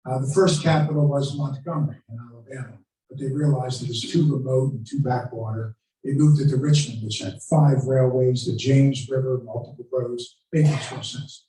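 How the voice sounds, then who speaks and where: A man tells history as a lecture, building dramatic stories and acting out quoted speeches with real feeling. His dark, mellow voice carries through a very echoey room. He sounds set back from the microphone. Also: mid-range voice, fairly even intonation, normal speed, few pauses, distant mic. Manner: storytelling, dramatic quoting of speeches. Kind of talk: history lecture to a live audience. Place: lecture room at a country club.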